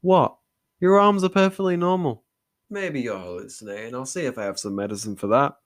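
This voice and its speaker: A man's voice: lowish voice, expressive, fast, lightly acted. A young man voicing a hostile doctor with a vaguely Canadian accent, who talks mock-politely through gritted teeth in a dramatic story reading.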